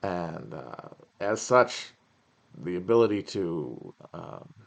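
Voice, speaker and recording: A man's voice: deep voice, big pitch swings, takes it slowly, gravelly. A man in his thirties hosting a casual livestream Q&A, talking in a rambling, wry way with fillers and sighs. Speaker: podcast host on a live stream. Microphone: home streaming mic.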